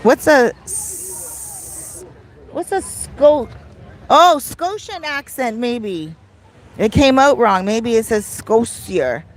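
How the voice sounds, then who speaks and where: A woman's voice: on the high side, animated, extremely slow. A middle-aged Canadian woman with a Canadian accent, chatting casually on a beach livestream and reading viewer comments aloud. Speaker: vlogger. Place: outdoors on a beach. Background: faint outdoor street noise.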